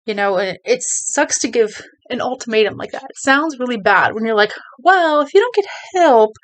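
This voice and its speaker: A video creator talks to her viewers on camera, offering earnest advice in a rambling, casual way, with many restarts and lots of "you know." Her voice is mid-range and a bit bright.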